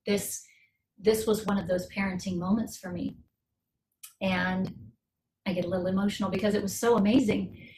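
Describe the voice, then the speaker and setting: Middle-aged woman sharing a story on a coaching call, earnest, slows down on the big points, roomy echo. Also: mid-range voice, fairly even intonation, darkish tone, a little hiss or hum. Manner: earnest, reflective, slows to stress key points. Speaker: guest speaker on a coaching call. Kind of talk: personal story with motivational advice.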